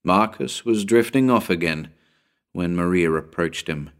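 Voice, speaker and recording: Deep voiced guy reading a creepy story, really expressive, suspenseful audiobook narration. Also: measured pace.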